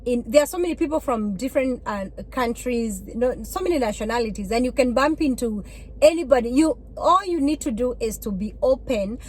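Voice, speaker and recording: A woman from Africa chatting casually to her viewers while driving, telling stories in an animated way and laughing often. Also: on the high side, brisk, low-quality recording. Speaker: vlogger. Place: inside a car, driving. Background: faint road and car noise.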